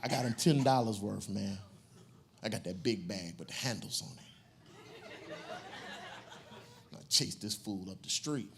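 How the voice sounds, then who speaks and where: A man doing stand-up comedy, telling a story in an animated, conversational way on a comedy club stage. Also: lowish voice, measured pace, vocal fry, pauses often, background noise. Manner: animated, conversational, acts out characters.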